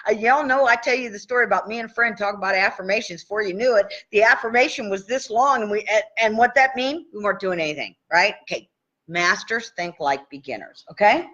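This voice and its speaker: A woman's voice: fairly high pitch, bright, forceful tone, lo-fi sound. A woman coaching tapping in a casual live stream, chatty and checking in with "okay?" after each point. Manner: chatty, says "okay?" often.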